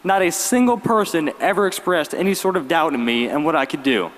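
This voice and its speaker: A young man, giving a graduation speech as valedictorian with lively storytelling and wry humor. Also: on the high side, fairly quick, a little hiss or hum. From Virginia, US. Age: late teens. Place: large arena. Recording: long arena reverb.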